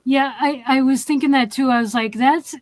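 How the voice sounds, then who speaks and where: A woman's voice: sits high, steady tone, fairly quick, dry recording. A woman hosting a casual movie review chat, recapping scenes with lots of "um"s. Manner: retelling scenes with many fillers. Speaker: podcast host.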